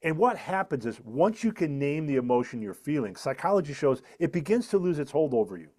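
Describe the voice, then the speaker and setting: A man's voice: a little high, very animated, a little fast, darkish tone. A middle-aged man, an author and speaker, earnestly explaining a method in a podcast interview, repeating his key points for emphasis. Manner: earnest, emphatic teaching tone with repetitions.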